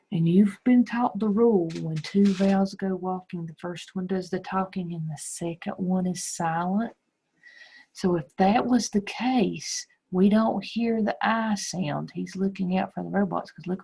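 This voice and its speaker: A middle-aged woman teacher explaining phonics to young children slowly and patiently. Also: lowish voice, vocal fry, warm tone, breathy edge, low-quality recording. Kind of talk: recorded phonics lesson.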